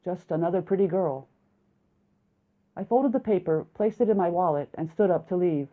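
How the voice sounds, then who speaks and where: A woman narrates an audiobook in a lively storytelling manner, her voice on the low side. The recording is narrow and tinny, like a phone line. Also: moderate pace. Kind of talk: audiobook reading.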